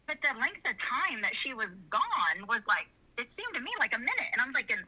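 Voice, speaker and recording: Bright-voiced middle-aged woman. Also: a little high, big pitch swings, fairly quick, husky. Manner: earnest, emotional, rambling. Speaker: interview guest. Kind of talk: candid personal storytelling. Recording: slightly muffled video audio.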